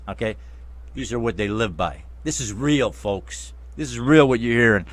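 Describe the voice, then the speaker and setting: A man's voice: medium pitch, expressive, normal speed, dry recording. Emphatic man hosting an interview. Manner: emphatic, addresses listeners as friends and folks. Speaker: interview show host. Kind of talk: casual interview.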